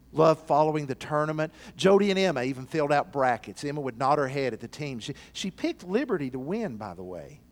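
A male pastor delivers a sermon, sinking into quiet, low passages and then climbing to loud, excited shouts. He acts out the characters in the parables.

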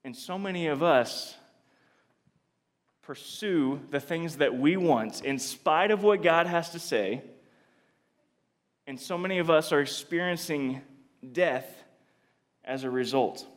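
A man's voice: a little high, slow, pauses often. Earnest preacher, man, in a reverberant hall. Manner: earnest, confessional, frequent restarts, swings between soft and emphatic. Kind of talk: sermon.

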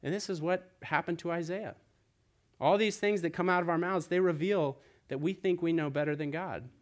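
A man delivers a sermon in an earnest, explanatory way. His voice sits a little higher than most men's, and his loudness swells and drops as he drives his points home. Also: normal speed. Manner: earnest, explanatory preaching with lively swings in loudness. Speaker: pastor.

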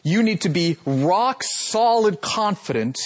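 A man in his role as pastor giving a sermon, calling out questions to his congregation and swinging between loud and soft. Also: sits high, expressive, slow pace.

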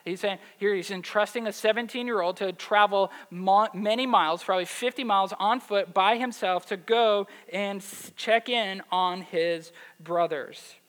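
A man with a fairly high voice preaches a lively sermon, throwing questions out to his listeners. His voice rings in a hall with a long reverb. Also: moderate pace, few pauses. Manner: animated, asks the audience questions. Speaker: pastor. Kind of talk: sermon with scripture reading.

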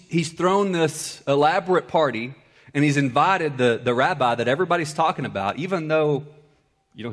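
Preaching from the pulpit, this man swings back and forth between hushed, deep passages and loud bursts pitched high.

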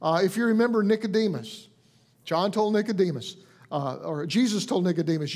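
Guy pastor preaching casual, pretty high voice, earnest and gentle, restarts a lot. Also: a little fast. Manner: earnest, gentle, with frequent restarts and soft quoted lines. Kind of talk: conversational sermon.

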